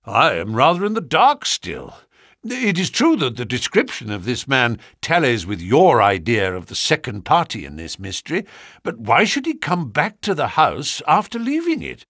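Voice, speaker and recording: A man voicing a thoughtful Victorian doctor who questions in a measured, puzzled way in an audiobook. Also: mid-range voice, huge pitch swings, gravelly, a bit bright, no echo, clean studio sound, exaggerated voice. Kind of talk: audiobook character reading.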